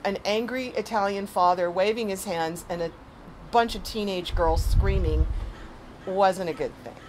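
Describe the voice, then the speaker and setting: A woman author telling a personal story from her youth in a dramatic, animated way, with loud emotional bursts. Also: mid-range voice, unhurried, a little hiss or hum. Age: adult.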